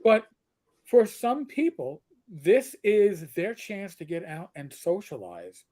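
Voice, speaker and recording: A man in his fifties hosting a casual livestream chat, telling stories in an animated, rambling way with many restarts. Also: high voice, takes it slowly. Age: 50s. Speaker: host.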